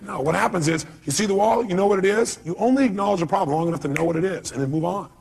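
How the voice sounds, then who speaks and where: A man giving a motivational seminar talk who acts out scenes, swinging between loud emphatic bursts and low quiet asides. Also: very fast, creaky, slightly rough. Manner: acts out scenes with sound effects and quoted voices. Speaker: motivational speaker.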